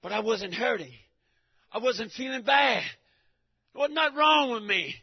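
A man giving a preaching testimony in church, emphatic and repetitive, breaking into shouts. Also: very high voice, expressive, moderate pace, slightly rough. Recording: dull lo-fi recording.

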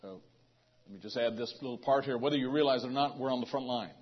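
A man's voice: mid-range voice, quick pace, breathy edge. A man preaching a sermon to a congregation in a loose, conversational way, often restarting his phrases. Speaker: pastor. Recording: dull lo-fi sound.

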